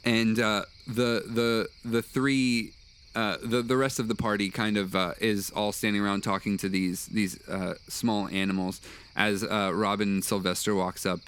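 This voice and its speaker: A man narrating a tabletop game as game master, halting with many fillers and restarts. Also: on the low side, little pitch movement, a bit bright, smooth.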